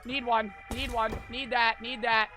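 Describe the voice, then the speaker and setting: A man giving frantic gameplay commentary, swearing, talking to himself and breaking into sudden loud outbursts. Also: very high voice, flat delivery, a little slow, over music. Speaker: gaming streamer.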